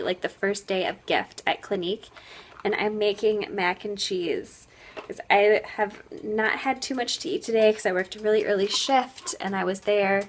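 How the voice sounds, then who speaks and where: A woman's voice: medium pitch, a little hiss or hum. A young woman talking to her camera in a casual vlog from her kitchen at home. She is gushing and heartfelt and fills her talk with "like.". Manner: gushing, heartfelt, heavy use of "like". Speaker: vlogger.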